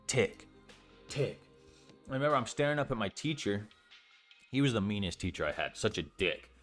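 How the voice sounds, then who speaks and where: A man's voice: on the low side, lively intonation, fast, fairly bright tone, faint music behind. Rambling young man telling a story. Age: young adult. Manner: rambling, heavy "like" fillers, swearing. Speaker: storytime vlogger. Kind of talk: casual storytime.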